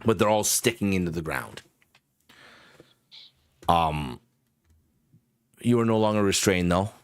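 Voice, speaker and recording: A man narrating as game master of a tabletop game, unhurried and descriptive, with frequent ums. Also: low voice, animated, smooth.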